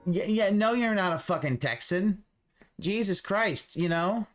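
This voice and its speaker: A man's voice: high-pitched, lively intonation, a little slow, a bit bright, faint music behind. Profane, sarcastic ranting man. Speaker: stream commentator. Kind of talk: mocking commentary over a stream.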